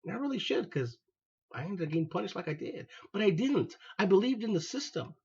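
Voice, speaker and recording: A man, a former Marine hosting his own show, telling a personal story in an animated way and acting out what people said. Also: high voice, fairly quick, husky, lo-fi sound. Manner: animated, acts out quoted dialogue. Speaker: podcast host, former Marine.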